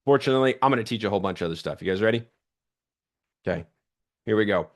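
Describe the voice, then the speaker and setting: A man in his thirties with a lowish voice races through a lively, energetic sales training talk. Chatty throughout, he acts out quoted phone calls in his stories.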